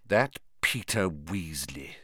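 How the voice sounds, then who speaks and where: A man's voice: mid-range voice, huge pitch swings, unhurried, dry recording, studio quality, voice pushed up. Brief: man doing an arrogant, drawling teen snob for an audiobook. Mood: sneering. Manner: drawling, sneering. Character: sneering arrogant teenage boy bully.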